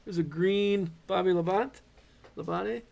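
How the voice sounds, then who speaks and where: A middle-aged man hosts a live trading card break in a relaxed, chatty way, tossing in corny dad jokes between pulls. His voice sits a touch high for a man and has a gravelly edge. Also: moderate pace.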